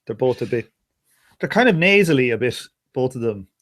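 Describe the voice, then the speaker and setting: A man's voice: medium pitch, sing-song, fairly quick, fairly bright tone. A man with an Irish accent chatting casually, rambling with many restarts and frequent laughs. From Ireland. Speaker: conversation partner. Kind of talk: casual chat.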